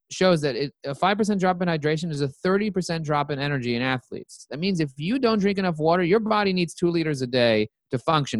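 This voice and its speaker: A man's voice: fairly high pitch, dry recording. A man, a company CEO, telling his story as an interview guest and acting out his own quoted lines.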